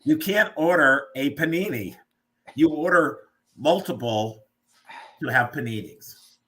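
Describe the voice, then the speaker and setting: A man's voice: a little high, lively intonation, unhurried, sharp tone. A man hosting a casual live video chat who playfully explains food words like a teacher. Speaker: host. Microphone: video call.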